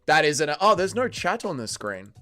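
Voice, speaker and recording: A young Australian man hosting a livestream in casual chat, energetic and slangy, greeting viewers and calling everyone mate. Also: a little high, moderate pace, faint music behind. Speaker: livestream host.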